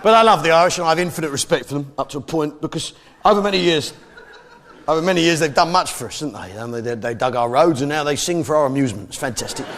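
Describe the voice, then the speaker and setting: A man's voice: a little high, lively intonation, fast, a bit bright. An Englishman doing sweary, mock-patriotic stand-up comedy, with audience laughter behind him. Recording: live show with crowd noise.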